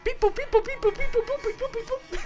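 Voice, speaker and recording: A goofy, chatty time traveller with a high voice that swings up and down all over the place, as a man acts him out. Faint music sits under his lines in this comedy web cartoon. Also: very animated, normal speed, fairly bright tone. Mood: excited.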